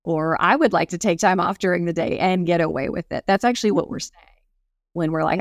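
A woman's voice: on the low side, quick pace, no echo, studio quality. A middle-aged woman co-hosting a podcast in casual chat, reflective and storytelling, acting out little quotes. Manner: reflective, tells examples, acts out quotes. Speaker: podcast co-host.

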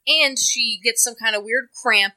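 A woman's voice: on the high side, unhurried, pushed and bright. A woman co-hosting a casual recap chat, dry and wry, swearing freely. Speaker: podcast co-host.

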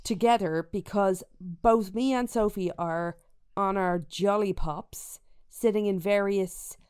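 Chatty woman podcast host, smooth voice. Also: medium pitch, slow pace, darkish tone, dry recording, studio quality. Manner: chatty, laughs often, jokey. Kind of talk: casual chat. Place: rented holiday home. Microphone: remote call.

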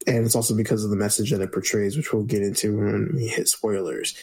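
A man's voice: on the low side, quick pace, slightly rough. A man co-hosting a podcast, chatting casually and somewhat hesitantly with frequent restarts. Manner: relaxed, hesitant with many restarts. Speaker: podcast co-host. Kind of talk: casual chat.

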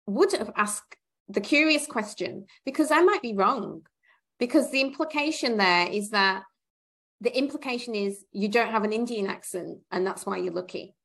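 A woman's voice: medium pitch, gravelly, fairly bright tone, breathy edge. A woman co-hosting a podcast, thinking aloud and correcting herself as she reasons through a question. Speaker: podcast co-host. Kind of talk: casual podcast discussion.

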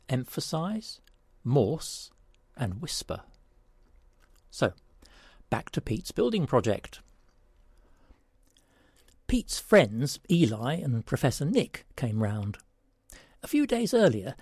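Male host of a word-puzzle segment, gravelly, lively, dry close sound. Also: mid-range voice, dry recording. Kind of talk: reading a word-puzzle story.

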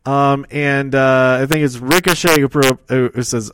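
Man, casual recap, rambling, self-correcting, mid-pitched voice. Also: steady tone, moderate pace, hardly any pauses, fairly bright tone, slight background noise. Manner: rambling, self-correcting, chuckles at own slips. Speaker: wrestling show recap host.

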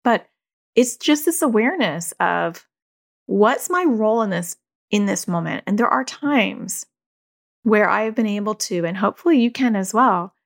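A woman, a parent who hosts a podcast, talking candidly in a loose, conversational way and often saying "like". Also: medium pitch. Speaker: podcast host. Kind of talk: casual reflective parenting talk.

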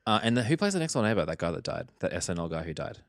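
A man with a deep, low voice chats casually on a podcast. He rambles through loose, filler-heavy sentences and swears freely. His pitch moves around a lot, and the sound is dry and close. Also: very animated, racing, dry recording. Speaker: podcast co-host. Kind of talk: casual chat.

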